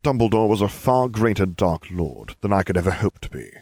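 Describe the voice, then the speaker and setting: Male reader, low voice with lively pitch, dry wry narration, close dry sound. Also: brisk, husky, no echo. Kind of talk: first-person story narration.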